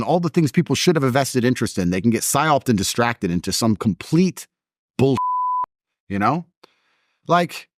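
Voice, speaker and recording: A man's voice: fairly high pitch, no room sound, clean studio sound. A man in a casual conversation, telling stories in a blunt, emphatic way.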